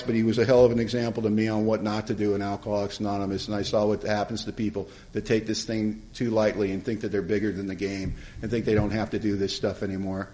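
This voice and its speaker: A middle-aged man telling his recovery story to a live conference audience, in a humorous, colloquial, animated way. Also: on the low side. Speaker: AA speaker.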